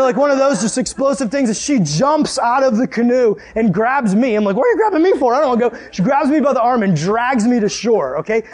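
A young man preaching a sermon in a casual, jokey way, telling a family story and acting out the people in it. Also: high voice. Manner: animated, jokey, acts out the characters in his stories.

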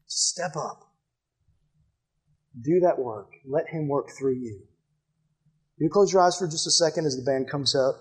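A young man preaching a sermon to a live audience in a church building, earnest and direct, often dropping to a hushed appeal. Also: a little high, unhurried, pauses often, slightly rough. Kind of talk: sermon with altar call.

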